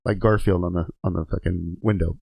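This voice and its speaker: A man's voice: low-pitched, fairly even intonation, brisk, creaky, background noise. A man, a truck driver and guest on a podcast, telling rambling, profane stories in a casual chat and laughing as he goes. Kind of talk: casual storytelling. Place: podcast studio.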